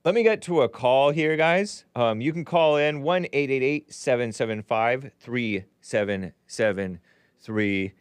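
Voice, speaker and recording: A chatty man hosts a live call-in show, upbeat and prone to loud shouted greetings. His voice is smooth and clear, recorded dry and close, with a slight strain. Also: mid-range voice, measured pace, dry recording. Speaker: show host.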